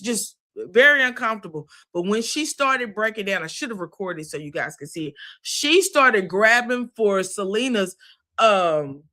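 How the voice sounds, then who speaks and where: Bright-voiced sassy woman recapping. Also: medium pitch. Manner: sassy, chatty, lots of asides and laughs. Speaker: reality TV recap host. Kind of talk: casual recap commentary.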